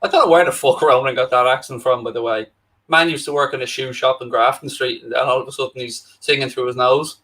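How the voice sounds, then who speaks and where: A man's voice: medium pitch, steady tone, fast talker, a bit bright, rough recording. Guy doing dry teasing banter over a football match, middling voice. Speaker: co-host of football watchalong. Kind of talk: casual chat over a live match.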